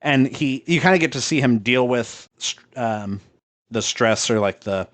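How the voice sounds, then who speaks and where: A man's voice: mid-range voice, lively intonation, unhurried, a bit bright, no echo. A male podcast co-host in casual chat, talking loosely with lots of fillers and swearing, laughing as he retells a story.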